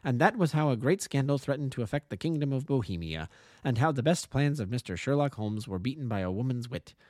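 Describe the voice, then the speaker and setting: Male audiobook narrator, lively, dry close sound. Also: mid-range voice, a little fast, no echo. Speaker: amateur narrator. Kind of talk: audiobook reading.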